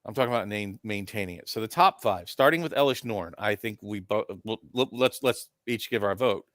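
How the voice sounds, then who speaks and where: A man's voice: fairly low pitch, brisk, a bit bright, dry recording, clean studio sound. A man born and raised in Virginia, co-hosting a casual card game round table and explaining things patiently with plenty of "um"s. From Virginia, US Southern. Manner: explains patiently, with many "um"s and repeated "no, no". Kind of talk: casual chat.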